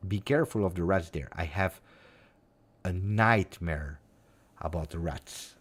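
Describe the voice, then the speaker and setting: A man's voice: sits low, a little slow. A man with an Italian accent who hosts a football channel, chatting casually and rambling expressively on a live stream with lots of fillers.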